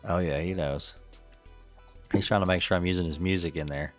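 A man's voice: sits low, fairly even intonation, fairly quick, soft background music. A middle-aged man co-hosting a podcast, telling rambling stories with a chuckle in casual chat. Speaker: podcast co-host.

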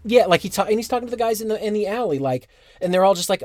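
A man's voice: sits high, lively intonation, racing, a little mellow, no room sound. A man co-hosting a podcast, earnestly laying out a counterargument in casual chat. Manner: earnest, argues his point at length. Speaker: podcast co-host.

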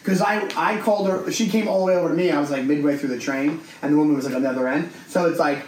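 A man with a somewhat high voice tells a story in a loose, chatty way and slips into the voices of the people in it. He is recorded in an echoey room, with a faint hiss underneath. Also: racing. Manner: animated storyteller who acts out other people's voices. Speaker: podcast co-host. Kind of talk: casual storytelling chat.

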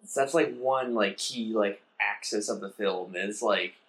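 A man in casual conversation, animatedly retelling a film's plot and briefly acting out the characters in quick put-on voices. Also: on the low side, fairly bright tone. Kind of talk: casual chat.

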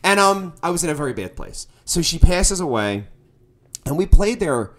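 A man, a musician, telling a tour story in casual chat, animated and bursting into loud quoted lines. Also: fairly high pitch, moderate pace.

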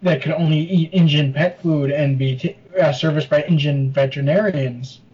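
A man's voice: a little high, steady tone, moderate pace, darkish tone, dull audio. A man in casual film talk, explaining details from the novels.

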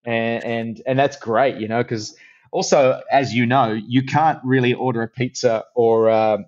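A middle-aged man with an Australian accent, a guest in a casual interview, telling stories in a chatty, animated way with many restarts. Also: mid-range voice, a little slow, highs cut off. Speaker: guest, actor and presenter.

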